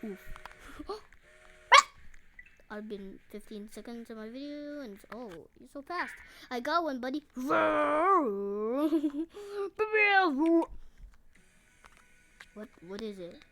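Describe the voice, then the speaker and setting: A woman commenting excitedly over her own gameplay, yelping and joking as she plays. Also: sits high, drawn-out words, long pauses, background noise. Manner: excitable, yelps and screams often; playful, jokey asides. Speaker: gaming video host. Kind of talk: let's-play commentary.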